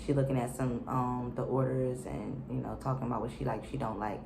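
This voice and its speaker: A woman's voice: extremely low pitch, steady tone, a little fast, creaky, roomy sound, background noise. A woman casually recapping a reality show, chatty and opinionated, with lots of fillers and slang.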